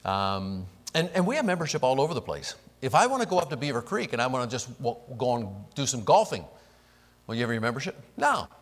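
A man's voice: medium pitch, big pitch swings, quick pace, few pauses, low-quality recording. A man teaching a Bible class as pastor, asking the class rhetorical questions and answering them himself.

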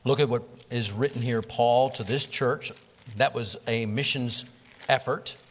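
A man's voice: mid-range voice, fairly even intonation, measured pace. Emphatic preaching man in a reverberant hall. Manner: preaching with rising emphatic surges and repeated words. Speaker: pastor. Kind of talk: sermon. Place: church sanctuary.

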